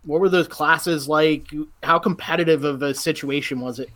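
A man's voice: on the high side, steady tone, normal speed, a bit bright. A man hosting a casual interview, easygoing and asking open questions. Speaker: podcast host.

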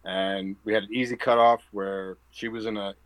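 A man's voice: on the low side, moderate pace, no room sound, low-quality recording. A man with a New Jersey accent, a professional wrestler chatting as an interview guest and acting out quoted dialogue. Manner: animated storyteller who acts out quoted dialogue. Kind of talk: casual interview chat.

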